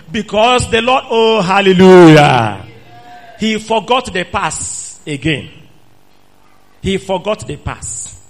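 A man's voice: high-pitched, a bit bright. A man preaching an emphatic sermon, repeating phrases and questioning the congregation. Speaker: pastor.

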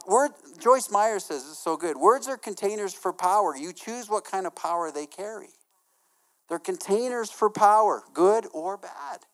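Middle-aged male pastor, animated sermon delivery, acts out quotes, softens for stories. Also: sits high. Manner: lively, acts out quotes with laughs.

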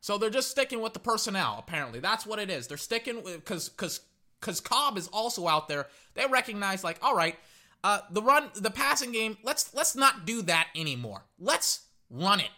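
With a high-sitting voice at normal speed, a male fan commentator reacts live to a football game. He's casual and rambling, gets excitable, and repeats himself.

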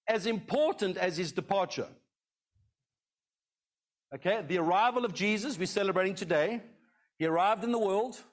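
A middle-aged male pastor with a high-pitched voice preaches a conversational sermon, frequently checking in with the congregation by asking "okay?".

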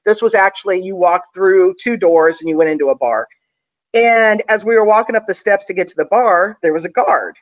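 Confident, chatty woman spinning a story as a guest, medium pitch, a little muffled. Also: moderate pace. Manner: chatty, confident, full of fillers. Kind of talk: casual storytelling.

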